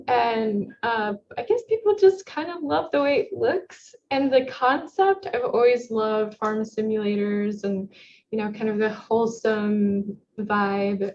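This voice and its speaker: A woman's voice: fairly high pitch, takes it slowly, a little mellow. A young woman game developer chatting in an interview, friendly and rambling with many ums. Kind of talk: casual interview chat. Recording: dull lo-fi mic with faint noise.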